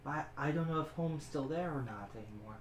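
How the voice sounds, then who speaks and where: Game master doing a quiet, weary fey woman. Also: medium pitch, fairly quick, reverberant, a little hiss or hum, close to an everyday voice. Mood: wistful.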